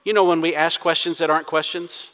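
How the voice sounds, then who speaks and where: A man's voice: a little high, level tone, quick pace, fairly bright tone, long reverb tail. A man preaching a sermon, acting out quoted prayers with rising intensity. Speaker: pastor.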